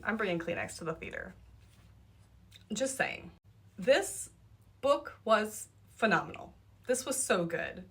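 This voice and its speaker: A woman's voice: mid-range voice, a bit bright. Young woman book vlogger, casual and enthusiastic, piles on emphasis. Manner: enthusiastic and gushing, repeats herself for emphasis. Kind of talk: casual book review vlog.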